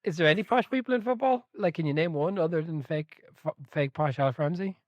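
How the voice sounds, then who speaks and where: A man hosting a book club podcast, chatting casually and telling stories with animated energy, laughing and swearing freely. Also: on the high side, brisk, no echo.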